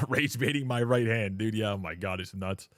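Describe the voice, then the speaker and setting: A man's voice: fairly low pitch, measured pace, a bit bright, no room sound, clean studio sound. Blunt, profane young man ranting on stream. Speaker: livestreamer. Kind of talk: casual live-stream rant to chat.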